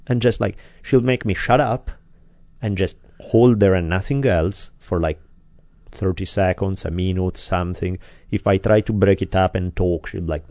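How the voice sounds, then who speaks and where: Podcast co-host, deep man, dry close sound, slightly dull lo-fi, candid casual talker who swears. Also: moderate pace, darkish tone, no room sound. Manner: candid, self-deprecating, swears freely. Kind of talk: casual chat.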